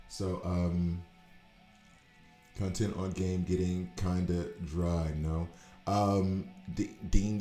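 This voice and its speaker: A man in his forties from the United States chats his way through a game livestream, drifting off topic and laughing easily. His voice sits low and deep. Quiet music plays faintly behind him. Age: 40s. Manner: rambling, chatty, quick to laugh. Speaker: game streamer. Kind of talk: casual livestream commentary. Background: faint background music.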